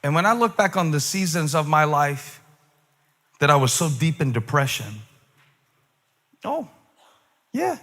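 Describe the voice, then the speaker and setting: A male pastor preaching a sermon, moving between loud, emphatic peaks and quiet, musing asides, with humorous remarks to the congregation. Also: a little high, big pitch swings, a little slow, pauses often, big-room sound.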